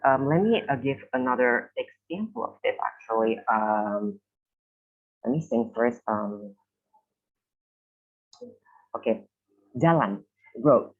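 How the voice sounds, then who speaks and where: A man's voice: mid-range voice, expressive, takes it slowly, long pauses, phone-quality sound. Indonesian-accented young man presenting. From Indonesia (Medan, North Sumatra). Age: young adult. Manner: explains with filler "okay?" and "um", imitates regional intonations. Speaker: student presenter. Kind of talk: informal presentation.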